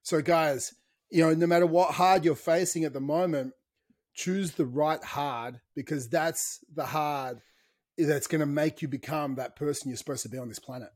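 A husky-voiced man co-hosting a podcast, his voice set somewhat high for a man. He talks motivation in an emphatic, preachy way, hammering home repeated phrases. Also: normal speed, a little mellow. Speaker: podcast co-host.

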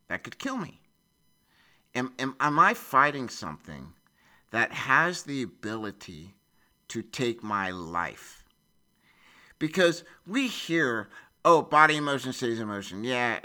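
Lively bright-voiced man in his forties. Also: mid-range voice. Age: 40s. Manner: animated retelling with many repeats and restarts. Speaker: storyteller. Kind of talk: personal storytelling.

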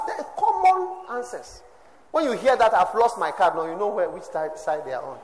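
High-voiced preacher in a reverberant hall. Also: male voice, expressive, moderate pace. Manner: preaching with shifts from shouts to low asides. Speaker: pastor. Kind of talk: sermon.

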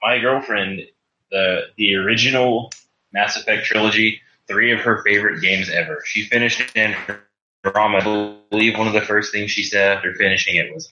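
A man talks through a roomy, dull-sounding line, his voice bright and forceful. He rambles and corrects himself mid-sentence in a loose, casual chat. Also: on the low side, steady tone, moderate pace, slight background noise. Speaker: podcast guest player. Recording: echoey, muffled remote audio.

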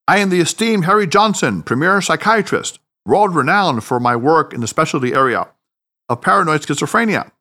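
A man's voice: a little high, expressive, a little fast, pushed and bright. A man putting on a pompous, blustering psychiatrist. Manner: blustering, self-important. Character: pompous middle-aged male psychiatrist, proud and irritable. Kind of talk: audiobook character voice.

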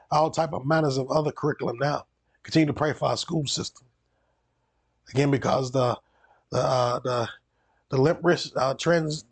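A man's voice: medium pitch, slightly rough, no echo. A male pastor delivering a sermon in an emphatic, repetitive preaching manner.

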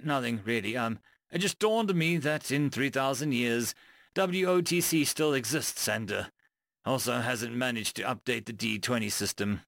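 A man voicing a sardonic human woman crewmate with a wry, deadpan manner. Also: medium pitch, normal speed, creaky, no room sound, voice pushed down.

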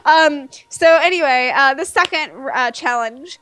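A woman co-hosting a podcast in casual chat, chatty and quick to react. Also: high voice, pushed and bright, dry recording. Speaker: podcast co-host.

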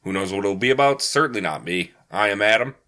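A young man hosting a casual comedy podcast, telling crude stories with deadpan asides. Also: on the low side, quick pace. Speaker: podcast host.

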